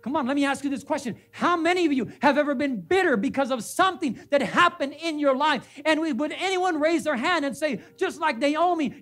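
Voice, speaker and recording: At an extremely high pitch, the preacher delivers his sermon briskly and expressively, barely pausing, in a fairly bright tone. Faint music sounds in the church sanctuary as he repeats names and phrases for emphasis and asks the congregation questions.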